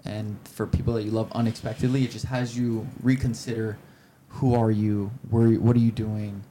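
A man in his twenties, a podcast guest, telling heartfelt stories in an earnest, halting way. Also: fairly low pitch, level tone, dark tone, a little hiss or hum. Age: 20s. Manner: halting, searching for words. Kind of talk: casual interview chat.

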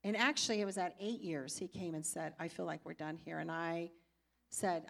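A woman's voice: fairly low pitch, fairly even intonation, moderate pace, vocal fry, a bit bright. An older woman speaking in church, teaching through personal stories and acting out her own past reactions. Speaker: pastor's wife teaching.

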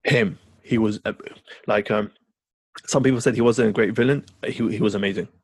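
A man's voice: on the low side, steady tone, fairly quick, slightly rough, dry recording. A man co-hosting a podcast, chatting eagerly and rambling, swearing now and then. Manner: enthusiastic, rambling, swears casually. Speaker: podcast co-host. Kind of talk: casual chat.

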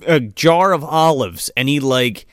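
A man's voice: mid-range voice, animated, a bit bright, dry recording, clean studio sound. A man co-hosting a casual podcast, cracking sarcastic jokes about a movie. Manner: jokey, quick with sarcastic asides. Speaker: podcast co-host. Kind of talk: casual movie-recap chat.

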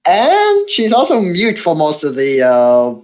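Lower-voiced woman on a podcast, super lively, reading off her notes. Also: slow pace. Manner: animated, lists points from notes. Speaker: podcast co-host. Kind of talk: casual podcast chat.

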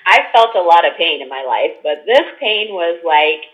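A woman guest on a podcast, telling a story in casual chat and acting out the voices in her quotes with big jumps in pitch. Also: animated, moderate pace. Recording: dull lo-fi sound.

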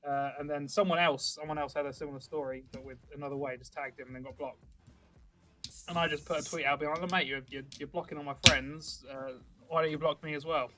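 A man's voice: on the high side, fairly even intonation, fast. A man with a slightly raised voice tells a long story on a casual podcast. He rambles and restarts, mocking himself as he goes. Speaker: podcast guest.

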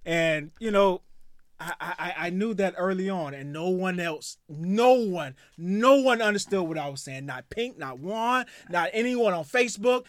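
A man with a high voice rants in a heated, profane sports monologue, tripping over repeated words as he builds up steam. His voice sounds dry and close, with no room around it. He talks like a co-host who has been waiting to say this for a long time. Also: expressive, moderate pace, a bit bright, no room sound. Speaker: podcast co-host. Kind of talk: casual sports talk and rant.

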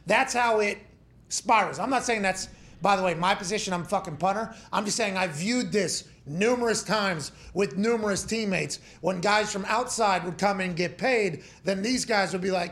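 This is a man in his thirties with a gravelly edge and a voice pitched a little high. He hosts a sports talk show and tells heated, profanity-laced locker room stories. He slips into mocking voices as he goes. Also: moderate pace, fairly bright tone. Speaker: host, former punter.

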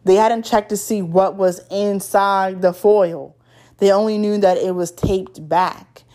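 A woman's voice: mid-range voice, steady tone, slow, dark tone. A woman reading a first-person story aloud in a casual, slangy storytelling way.

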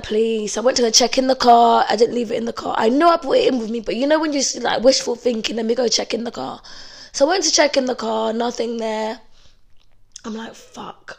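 Chatty young woman, slightly gravelly voice. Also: a little high. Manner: chatty, animated storytelling with swearing and laughs. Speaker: vlogger. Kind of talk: casual storytime.

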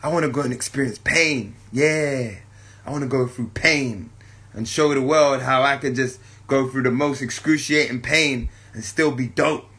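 A man putting on a low, drawling, mock-serious voice for a character in his monologue. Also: moderate pace, a bit bright, lightly acted. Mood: boastful.

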